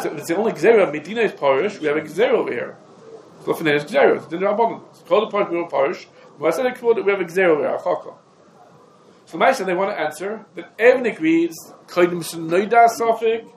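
A man teaching a lecture on religious law, in quick clipped phrases with repeated fillers like "come on" and "over here". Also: high-pitched. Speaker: Talmud teacher. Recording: echoey room with faint background noise.

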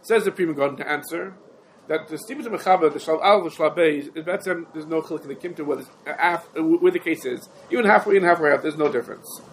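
A man teaches a halachic text in an animated lecture. He asks questions and answers them himself, in a fairly high voice. Faint room hum sits behind him. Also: quick pace, rough recording. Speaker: Talmud teacher. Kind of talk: yeshiva-style halachic lecture.

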